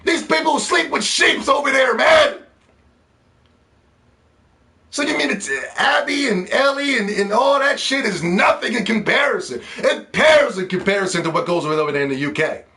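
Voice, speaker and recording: Loud ranting man, high and animated. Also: a little fast, few pauses. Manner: loud, profane, mocking rant. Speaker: gaming commentator. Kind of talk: ranting video commentary.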